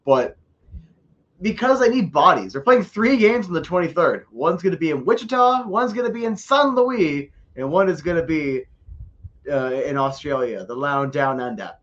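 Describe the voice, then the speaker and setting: A man's voice: a little high, animated, normal speed, a bit bright, lo-fi sound. A man co-hosting a casual hockey podcast, chatty and self-deprecating, often stumbling over repeated words. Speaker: podcast co-host. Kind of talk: casual sports podcast chat.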